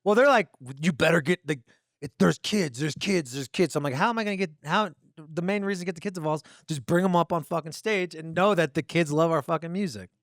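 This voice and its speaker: A man in his thirties hosting a casual podcast chat, loud, profane and excitable as he banters with his bandmates. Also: fairly high pitch, a little fast, no echo, clean studio sound. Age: 30s. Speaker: podcast host and bandleader.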